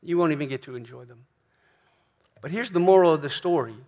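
A man's voice: on the high side, fairly quick, dark tone. A man preaching a sermon in a church, emphatic, often repeating questions and asking "right?". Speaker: pastor.

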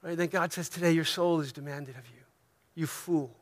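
American male pastor, high voice, conversational sermon with soft asides and emphatic swells. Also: fairly even intonation, moderate pace. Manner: conversational preaching, frequent "right?" checks.

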